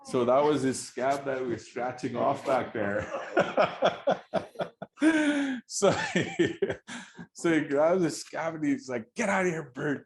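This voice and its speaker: Guy telling an old story to a crowd, real casual, laughs a lot, keeps going right? you know?. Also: mid-range voice. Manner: casual and chatty, laughs often, checks in with "right?". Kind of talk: oral storytelling to an audience.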